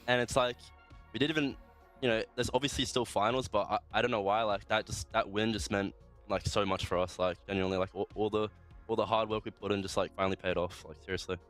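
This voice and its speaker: A young man speaks as a pro player guest in a fairly low voice. He rambles casually and emotionally, full of filler. Faint music plays underneath. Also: steady tone, fast, a bit bright. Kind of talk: casual post-match interview.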